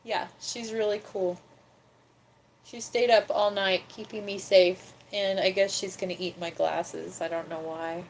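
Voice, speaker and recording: A young woman chatting casually on her livestream, often cooing at her cat in a soft baby-talk voice. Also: mid-range voice, fairly even intonation, unhurried, slight background noise. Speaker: livestream host.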